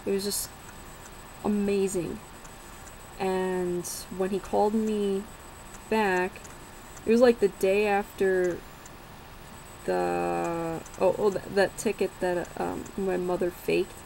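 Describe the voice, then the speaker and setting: Young woman, casual vlog storytelling, unhurried and frank, faint background hiss. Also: medium pitch, little pitch movement, gravelly, darkish tone, poor audio. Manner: unhurried, rambling, swears and laughs while telling.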